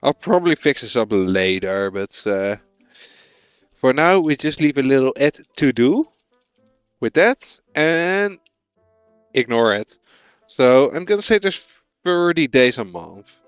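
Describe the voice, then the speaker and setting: A man's voice: medium pitch, expressive, measured pace, long pauses, clear, resonant tone, no echo, dull audio, faint music behind. A man with a Dutch accent, a native Dutch speaker, thinking aloud as he codes and chatting with viewers on a casual live stream.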